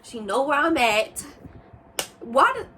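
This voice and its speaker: A young woman telling a casual storytime, rambling and animated, with sudden high exclamations. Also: slow pace, a little hiss or hum. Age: young adult. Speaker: storyteller vlogger.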